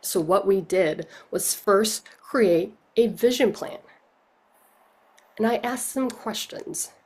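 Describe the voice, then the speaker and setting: A woman's voice: mid-range voice, slow pace, a little mellow, slightly rough. A woman coach giving a conference talk, telling a story and asking rhetorical questions. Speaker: coach speaking at a leadership conference.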